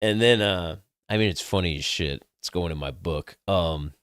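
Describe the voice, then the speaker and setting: A man's voice: sits low, moderate pace, fairly bright tone, clear, resonant tone, no room sound, clean studio sound. A young adult man, casually telling a personal story in a candid, crude, self-mocking way, swearing freely. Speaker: podcast host.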